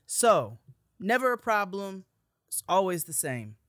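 A woman telling a story in casual chat, animated and profane, acting out heated quotes. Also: medium pitch, unhurried, dry recording, studio quality. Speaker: podcast host telling a story.

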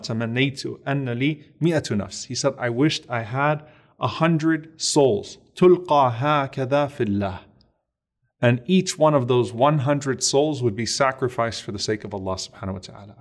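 A middle-aged man delivers a sermon as a gripping story, voicing each speaker in turn. His voice sits in an ordinary middle register, and he mixes Arabic devotional phrases into his speech. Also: medium pitch. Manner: dramatic storytelling, acts out dialogue, sprinkles Arabic phrases. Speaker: Islamic preacher.

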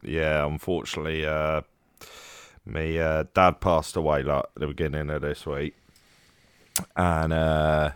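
A Cockney man co-hosts a podcast in easygoing chat. His voice is extremely deep, and the sound is close and dry, with no room around it. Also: flat delivery, unhurried, smooth, no room sound. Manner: laid-back and blokey. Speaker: podcast co-host.

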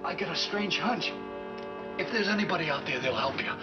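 A man's voice: a little high, lively intonation, a little fast, natural voice. An actor playing an injured male astronaut who is dying and earnestly urges his companion on. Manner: earnest, urging. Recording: dull old TV soundtrack with loud music.

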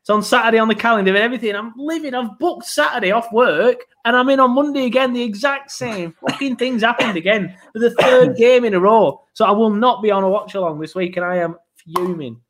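A man's voice: very high-pitched, quick pace, hardly any pauses, a bit bright, a little hiss or hum. A young man hosting a casual football podcast, rambling with frequent ums. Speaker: podcast host.

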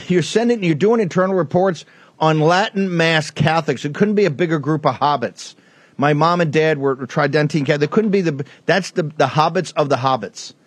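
A man's voice: fairly high pitch, no echo. Fired-up male talk show host, dry mic. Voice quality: rambling, fired up, frequent restarts. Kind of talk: heated political talk show monologue.

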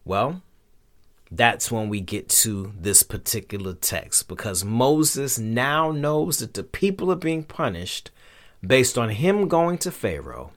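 A man teaching scripture in a casual, slangy, conversational way, his pitch swinging widely as he acts out quotes. His voice sits at an ordinary middle pitch. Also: lively intonation, slow pace. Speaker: podcast host and Bible teacher.

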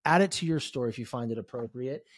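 A man hosting a podcast in casual interview chat, animated and peppering his talk with "right?" and "you know". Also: medium pitch, fast talker, husky, dry recording, studio quality. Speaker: podcast host.

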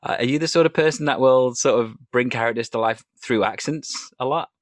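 A man's voice: medium pitch, a little fast, dry recording. A man hosting a casual interview, telling stories and acting out the lines people said to him. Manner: tells anecdotes, acting out quoted dialogue. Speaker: podcast host interviewing an improviser.

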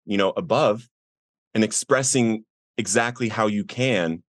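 A middle-aged man earnestly telling his personal recovery story as a podcast guest, voicing the people in it with raised pitch. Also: unhurried, no room sound, studio quality. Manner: earnest, acts out quoted voices with rising pitch.

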